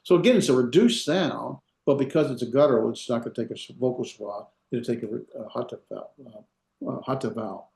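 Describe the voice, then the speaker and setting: A man's voice: mid-range voice, quick pace, vocal fry, darkish tone. A man teaching a language class, explaining step by step with many fillers and checking whether his students follow. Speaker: Hebrew instructor. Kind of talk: classroom lecture. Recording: echoey room.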